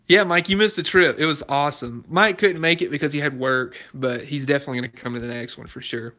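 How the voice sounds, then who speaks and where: Fast with few pauses, his voice sits on the high side with a sharp tone. The young Alabama car-channel host keeps it casual on YouTube, laughing a lot as he answers viewers' live comments.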